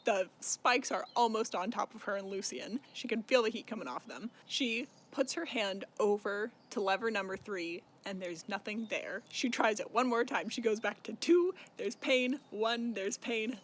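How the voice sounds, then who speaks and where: A young adult book vlogger casually recaps a novel in an unhurried, fairly high, slightly bright voice. He's chatty, swears freely, and laughs as he recounts the story.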